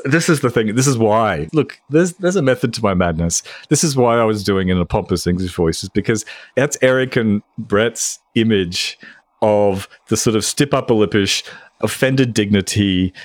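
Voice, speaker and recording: A man co-hosts a podcast in relaxed, explanatory chat with dry amusement. His voice sits fairly low. The recording is dry and close. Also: normal speed, no echo. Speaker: podcast co-host. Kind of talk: casual chat.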